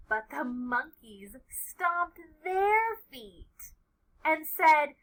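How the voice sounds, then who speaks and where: A woman preschool teacher reading a picture book aloud to children, dropping to whispers for suspense and getting loud for emphasis. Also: high-pitched, very animated, very slow, low-quality recording. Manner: dramatic, with hushed asides and loud emphasis.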